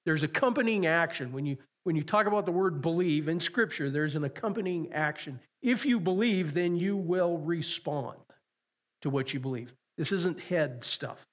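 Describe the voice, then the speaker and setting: Man, pastor, sermon, earnest, repeats himself, drawn-out key words, slightly high pitch. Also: lively intonation.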